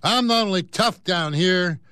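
A man's voice: high voice, unhurried, bright, forceful tone, clean tone, dry recording, studio quality. A man voicing a cocky, boastful male cartoon cat from a comic strip, talking in a brash, smug way.

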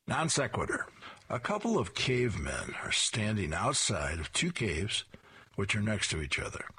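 A man's voice: on the low side, pushed and bright, slightly rough. A man reading newspaper comic strips aloud, describing each panel and adding chuckled asides.

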